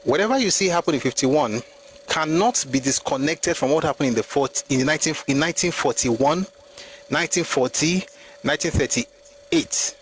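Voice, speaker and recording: A man's voice: fairly high pitch, lively intonation, normal speed, a little hiss or hum, rough recording. A man with a Nigerian accent, hosting a live history talk and arguing his points with rhetorical questions. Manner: argumentative, full of rhetorical questions. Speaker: host.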